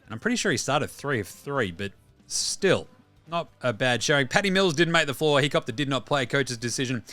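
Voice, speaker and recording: Bright, sweary Australian sports host. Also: male voice, medium pitch, expressive, brisk, no room sound, faint music behind. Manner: rambling, sweary and blunt. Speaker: podcast host. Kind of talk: casual sports commentary.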